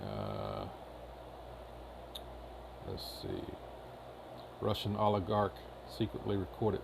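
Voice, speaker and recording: With a deep, fry-tinged voice over a noisy backdrop, this man hosts a commentary channel. He goes through news headlines in a relaxed, chatty manner, full of uhs and quick side remarks.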